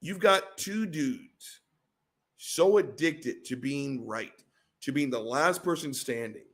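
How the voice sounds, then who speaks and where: A man's voice: medium pitch, animated, takes it slowly, fairly bright tone. A man hosting a reaction stream, ranting heatedly and swearing constantly as he comments on a debate clip. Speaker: show host.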